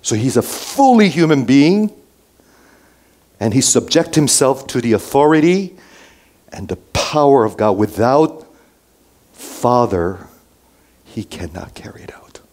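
Pastor, male, mid-pitched, sermon of loud emphasis and sudden whispers. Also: lively intonation, slow, long pauses. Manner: swings between raised emphasis and hushed near-whispers; checks in with the listeners with frequent "okay?". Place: church before a congregation.

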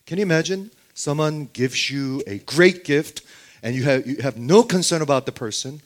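A man's voice: a little high, moderate pace. A man preaching a Bible sermon who keeps asking his listeners rhetorical questions and checking in with "okay?".

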